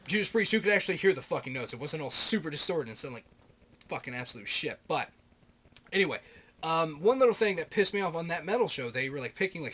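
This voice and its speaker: A married man vlogging about his favorite metal albums, swearing constantly in an animated, ranting way. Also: a little high. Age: adult, married. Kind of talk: casual rant.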